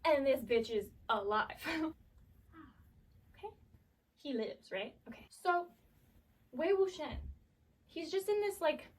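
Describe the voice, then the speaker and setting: A woman's voice: sits high, expressive, slow, pauses often, far from the mic, poor audio. A woman recapping a drama series in a chaotic, profane, casual way, full of fillers.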